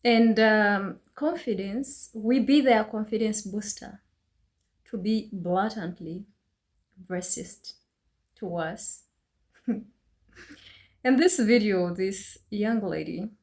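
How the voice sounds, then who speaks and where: A woman hosting her channel, giving reaction commentary with earnest, drawn-out emphasis. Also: medium pitch, darkish tone. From Uganda. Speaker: channel host.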